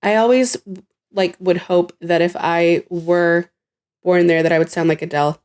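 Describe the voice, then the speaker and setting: A woman's voice: on the low side, fairly even intonation, moderate pace, a little mellow, smooth. A woman co-hosting a podcast, chatting casually, swearing now and then and laughing often. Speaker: podcast co-host. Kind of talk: casual chat.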